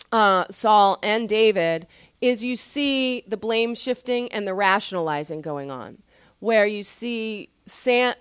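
A woman pastor teaching from the Bible in a casual, conversational way, with animated slangy asides and frequent laughs. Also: on the high side, clean tone, no room sound, studio quality.

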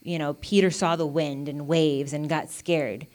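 A woman's voice: low voice, fairly even intonation, measured pace, a little mellow. A woman giving a casual, earnest Bible teaching, talking conversationally with lots of "you know" and "like". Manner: earnest and encouraging.

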